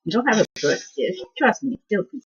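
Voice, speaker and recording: Female cooking host, soft-spoken and husky, lively up-and-down pitch, rambling home-kitchen chat. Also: a little fast, muffled recording. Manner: rambling, chatty, trails off with "I don't know". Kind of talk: casual cooking vlog.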